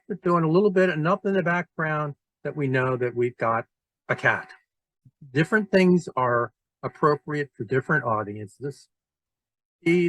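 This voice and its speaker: Man giving a relaxed software tutorial. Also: mid-range voice, no room sound, rough recording. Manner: relaxed, thinking aloud with fillers and restarts. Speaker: teacher trainer. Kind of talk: screen-recorded software tutorial.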